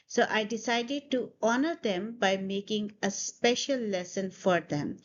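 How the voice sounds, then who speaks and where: Slow-talking woman teaching pronunciation. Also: mid-range voice. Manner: slow, repeats words for students to copy. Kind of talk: pronunciation lesson. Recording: dull lo-fi audio.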